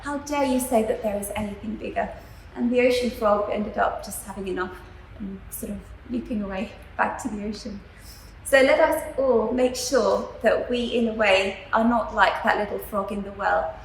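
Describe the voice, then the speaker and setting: A woman teaching a class on spiritual philosophy, talking in a gentle, earnest way with fillers as she tells a story. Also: mid-range voice, moderate pace. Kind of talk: spiritual lecture to students. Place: school room. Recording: echoey room, faint background noise.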